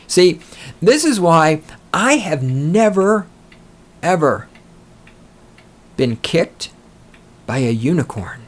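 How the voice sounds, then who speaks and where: A man's voice: medium pitch, breathy edge. A man hosting a podcast, ranting with sarcastic, profane, mocking commentary. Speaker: podcast host.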